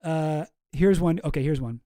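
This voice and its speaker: A man's voice: fairly high pitch, moderate pace, warm tone, no echo, clean studio sound. A man hosting a casual commentary show, reading emails aloud with chuckling asides. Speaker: host.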